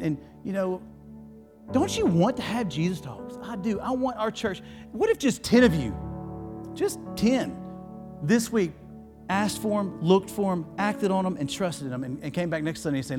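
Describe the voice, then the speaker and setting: Male pastor, folksy sermon storytelling, emotional, somewhat high voice, quiet music behind. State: tearful. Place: church.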